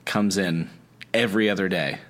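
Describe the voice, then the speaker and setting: A man's voice: sits low, moderate pace. A man in casual comedic chat, telling a rambling story with frequent laughs.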